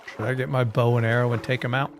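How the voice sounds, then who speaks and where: A man's voice: mid-range voice, level tone, quick pace, soft background music. Man rambling and joking with chat. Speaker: streamer. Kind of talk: casual chat while streaming a game.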